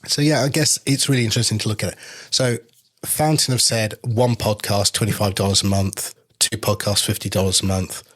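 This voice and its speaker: Guy with a lowish voice chatting on a podcast, explains pricing stuff, stumbles over repeats. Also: steady tone, brisk, fairly bright tone. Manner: conversational, explains with figures, repeats words at restarts. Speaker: podcast co-host. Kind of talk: casual chat.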